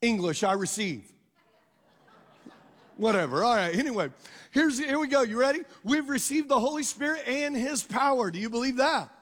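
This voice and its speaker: A man preaching a sermon with an unusually high voice for a man, his words trailing off in a long hall reverb. He mixes scripture with jokes and stories and keeps calling on the congregation to answer back. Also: lively intonation, moderate pace, fairly bright tone. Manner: call-and-response with the congregation, asking them to answer aloud; conversational, jokes and stories mixed with scripture reading. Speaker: pastor.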